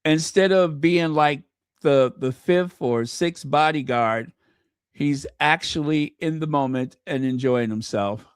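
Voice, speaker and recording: A man's voice: on the high side, slow, clear, resonant tone, no room sound, studio quality. A man giving casual video commentary, chatty and gushing, full of fillers and self-corrections, talking straight to his viewers. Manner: talks directly to viewers. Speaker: royal news commentator.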